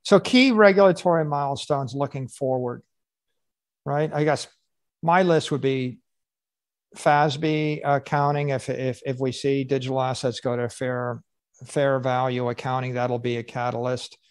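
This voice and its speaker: A male moderator on a conference panel, putting his points one by one with emphasis. His voice sits at a middle pitch. The sound is dry. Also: steady tone, measured pace, dry recording.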